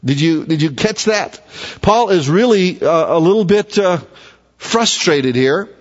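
A man preaching a sermon in a husky, fairly high voice. He talks to his congregation with rhetorical questions and restarts. The sound is dull and carries a long hall reverb. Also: expressive, unhurried. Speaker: pastor. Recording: dull, echoey church hall recording.

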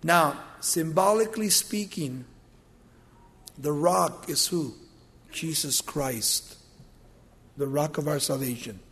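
A man preaching a sermon, telling the story dramatically and moving between loud and hushed delivery. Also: a little high, gravelly. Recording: long hall reverb.

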